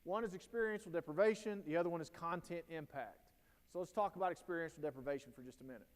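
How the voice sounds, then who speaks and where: A man's voice: on the high side, quick pace. Folksy male presenter in an echoing hall. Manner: conversational, folksy, anecdote-driven. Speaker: presenter at a teacher training day. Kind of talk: storytelling professional development talk. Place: school auditorium or hall.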